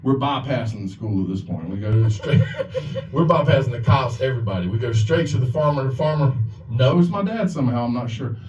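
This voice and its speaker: A male stand-up comic with a drawl spins a profane story, jumping up into loud voices for the people he quotes. His tone is mellow and dark. It sounds roomy and distant, like a small bar's open mic caught from the back. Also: medium pitch, fairly quick. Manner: animated, profane, acts out quotes in raised voices. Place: small bar or club stage. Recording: roomy, distant, dull live-venue sound with faint ambience.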